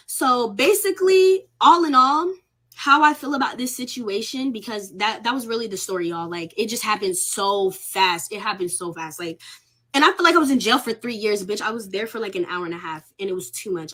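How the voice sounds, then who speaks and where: A woman's voice: medium pitch, a bit bright. Shaken young woman on the verge of tears. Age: young adult. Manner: emotional, candid, swears freely, on the verge of tears. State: shaken, close to crying. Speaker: college student telling her story. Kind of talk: casual livestream storytelling.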